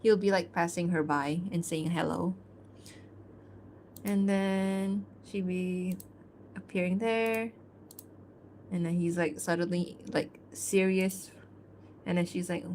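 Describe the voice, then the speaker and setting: Speaking slowly with frequent pauses, this woman has a lowish, slightly mellow voice and fairly even intonation. She's an artist livestreaming as she works, rambling casually with little laughs and reading fan-fiction narration out loud, over faint hiss or hum.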